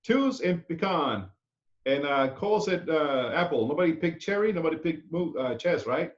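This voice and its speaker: A male culinary instructor leads his class with a chatty, loose delivery, ending his points with "okay?". His voice sits fairly high for a man. The classroom recording sounds dull and lo-fi. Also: animated, normal speed. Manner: chatty, tags sentences with "okay?". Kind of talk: classroom lecture.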